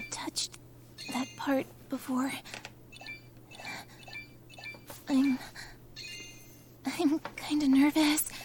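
A young woman acting a shy, nervous streamer in an adult audio role-play, stammering and hesitant, sometimes hushed. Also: high voice, slight background noise. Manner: hushed, half-whispered at times.

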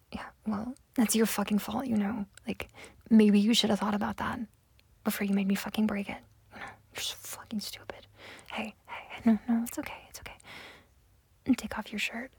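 A young woman in a whispered role-play, voicing a domineering, mocking character in a breathy close whisper that keeps repeating itself. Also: mid-range voice, a little mellow, no room sound.

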